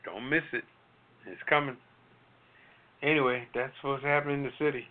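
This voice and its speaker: A man co-hosting a relaxed night-time chat, rambling along with restarts and repeats. His voice sits at an average pitch. The sound is thin and tinny, like a phone line. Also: moderate pace, background noise. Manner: rambling, loose, with many restarts. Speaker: co-host. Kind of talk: casual chat.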